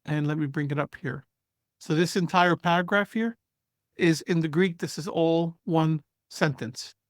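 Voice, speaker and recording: A man leads a Bible study lecture while walking through a text on screen. His voice sits a little high for a man, and the recording is close and dry with no room echo. He keeps checking in with his listeners as he explains. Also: a little slow. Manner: explanatory, checks in with frequent "right?" and "okay?". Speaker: Bible teacher.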